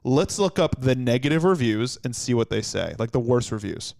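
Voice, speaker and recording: Guy hosting a comedy podcast, crude animated riffing, mid-pitched, dead dry mic. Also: moderate pace, gravelly, no echo. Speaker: podcast host. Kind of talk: casual comedic banter.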